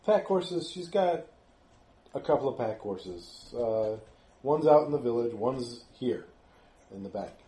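A man's voice: medium pitch, lively intonation, a little slow, dark tone, echoey room, pitched below the performer's own voice, lightly acted. A man voicing a frightened young former innkeeper who stammers and pleads. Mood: cowed.

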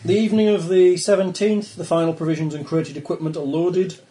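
Man, game master, steady narration, slightly high pitch, mellow. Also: brisk, low-quality recording.

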